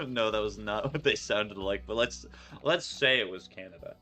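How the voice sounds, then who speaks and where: A man's voice: fairly low pitch, moderate pace, sharp tone. A young man chatting playfully while streaming a game, laughing often. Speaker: gaming streamer. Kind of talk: casual gameplay commentary.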